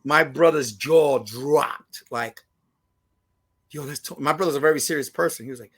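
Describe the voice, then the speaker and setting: A Puerto Rican man from New York with a New York Puerto Rican accent, a comedian telling stories in a casual interview, animated and profane, dropping Spanish phrases and acting out the people he quotes. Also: a little high, normal speed, husky. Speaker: comedian and radio host, guest.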